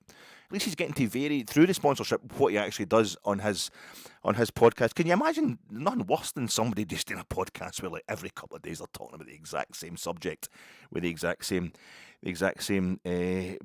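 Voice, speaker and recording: Older Scottish man, podcast host, wry rambling patter, low-set voice, dry close sound. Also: big pitch swings, quick pace, no echo. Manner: rambling, wry, restarts a lot. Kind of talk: casual post-match monologue.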